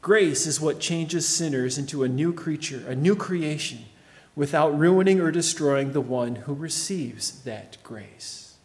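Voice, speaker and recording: A man preaching a sermon as pastor, emphatic, swinging from loud declarations to quiet, low phrases. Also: animated, a little slow, long reverb tail.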